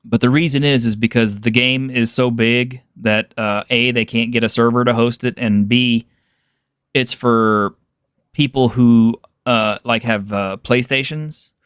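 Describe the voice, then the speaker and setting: A man's voice: mid-range voice, a bit bright, clean tone, no echo, studio quality. A man co-hosting a casual podcast, laid-back and rambling, laughing easily. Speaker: podcast co-host. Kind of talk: casual chat.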